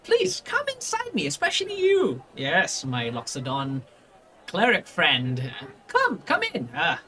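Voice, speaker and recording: A man's voice: on the high side, wildly swooping pitch, measured pace, bright, forceful tone, a little hiss or hum, full character voice. A man voicing a pompous, portly male scholar who stammers and fawns nervously. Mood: fussy, flustered. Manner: flustered, stammering, theatrical.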